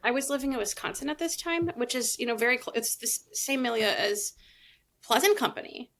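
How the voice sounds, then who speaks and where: A woman from New Mexico discussing a book on a podcast, adding corrections and personal memories in a relaxed, conversational way. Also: fairly high pitch, brisk.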